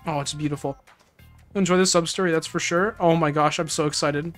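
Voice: mid-range voice, fairly even intonation, brisk, faint music behind. A streamer chatting casually through a let's-play, joking with chat and laughing often.

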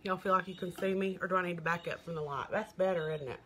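A woman's voice: fairly low pitch, steady tone, fast talker, fairly bright tone, slight background noise. A middle-aged woman, doing a chatty live makeup demo and sales stream, gushing and greeting viewers by name. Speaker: makeup seller.

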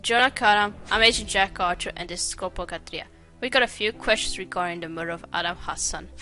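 A woman's voice: mid-range voice, fast, pushed and bright, lightly acted. A woman reading the lines of a wry male detective agent aloud, in her own voice, while playing a video game. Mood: stern. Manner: wry, joking.

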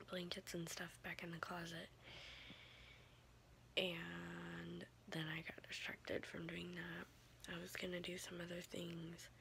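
A sleepy young woman whispering a rambling late-night vlog in a hushed voice, trailing off now and then. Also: lowish voice, creaky, a little hiss or hum, low-quality recording. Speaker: vlogger.

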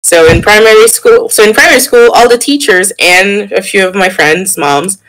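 Lively young man telling a story. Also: moderate pace, rough recording. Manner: animated, laughing storyteller who jumps up in pitch when excited. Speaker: podcast co-host. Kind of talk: casual chat, storytelling.

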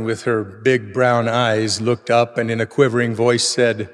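An older man giving a gentle, humorous speech to students. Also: medium pitch, steady tone, measured pace, few pauses. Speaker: speaker at a devotional. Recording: echoey hall.

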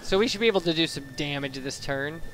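A man's voice: a little high, fast, fairly bright tone. A young man giving casual, rambling commentary over his gameplay, wandering into side tangents and correcting himself mid-sentence. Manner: rambling, digressive, self-correcting. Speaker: let's play commentator. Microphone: boosted home microphone. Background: faint game music.

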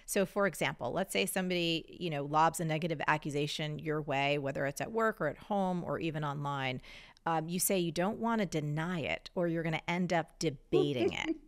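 A woman's voice: sits low, fairly quick. A woman hosting an interview, asking questions and responding enthusiastically. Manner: warm, enthusiastic praise. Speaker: host.

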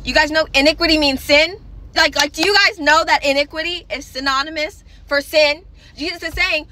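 Fervent high-voiced young woman preaching. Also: normal speed, pushed and bright, a little hiss or hum. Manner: fervent, emphatic, urgent warnings; casual slang, repeats for emphasis. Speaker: online preacher. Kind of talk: impassioned preaching to camera.

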